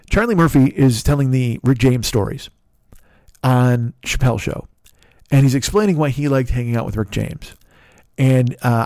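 A man in his fifties talks through a loose, rambling podcast monologue, peppered with swearing and self-deprecating asides. His voice sits at a middling pitch, and the close-miked sound is dry, with no room around it. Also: a little mellow, dry recording. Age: 50s. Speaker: comedian podcast host. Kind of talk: casual monologue.

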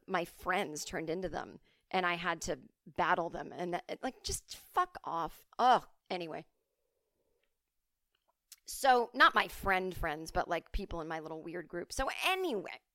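A woman's voice: on the low side, no echo. A woman in her forties talks straight into a close, dry mic with no room sound. She tells stories from her childhood in a loose, rambling way, swears freely, and breaks off into asides. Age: 40s. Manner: rambling, profane, animated storytelling with asides. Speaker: podcast host. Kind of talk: solo storytelling podcast.

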